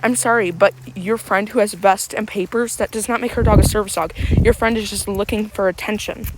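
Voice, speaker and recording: A woman's voice: mid-range voice, fairly even intonation, fairly quick. A woman reading comments aloud and rebutting them indignantly while out walking her dog, out of breath. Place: outdoors on a street walk. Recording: faint street noise, passing cars.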